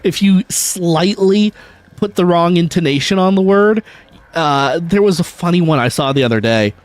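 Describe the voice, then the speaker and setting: A man's voice: high voice, moderate pace, no room sound. A man chatting casually and jokingly on a gaming livestream, swearing and talking to his viewers. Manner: chatty, jokey, swears and laughs easily. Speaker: streamer.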